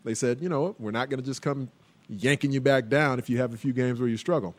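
A man who calls football games, riffing in animated, jokey talk on a sports radio show. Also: mid-range voice, fast talker. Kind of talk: casual sports radio banter.

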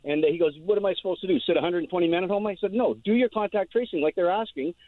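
A caller on a dry, tinny phone line tells his story in a rushed ramble. His voice sits fairly high for a man, and he races along, repeating words as he goes. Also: dry recording.

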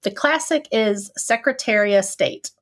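A middle-aged woman co-hosts a relaxed chat, reading listener notes and telling family anecdotes. She talks freely and laughs often, with a voice of ordinary pitch. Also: unhurried. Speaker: podcast co-host.

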